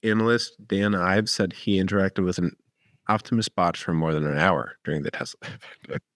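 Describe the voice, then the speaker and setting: Deep-voiced rambling podcast co-host, man. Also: moderate pace, fairly bright tone, no room sound, clean studio sound. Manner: laughs often, spins rambling hypotheticals. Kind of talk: casual chat.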